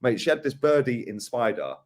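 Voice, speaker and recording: A man's voice: medium pitch, very animated, brisk. A man co-hosting a casual podcast chat, bantering and laughing with slang. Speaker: co-host.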